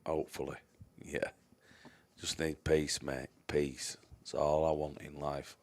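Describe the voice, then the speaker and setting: A man's voice: rumbling low, flat delivery, takes it slowly, darkish tone. A man giving chatty live-stream commentary on a pool match, greeting viewers by name and trailing off into mumbled asides.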